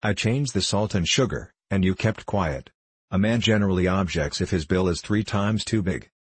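A gentle, vague little priest who explains things slowly and simply, with an apologetic air, as a man reads him. The voice is low and husky, recorded dry and close. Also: dry recording. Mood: calmly explaining. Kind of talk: audiobook character reading.

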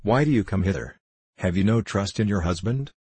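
A man's voice: on the low side, animated, brisk, a little mellow, slightly rough, no echo. A man voicing an intense, obsessed male scientist who speaks impetuously in old-fashioned words, in an audiobook reading. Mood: earnest.

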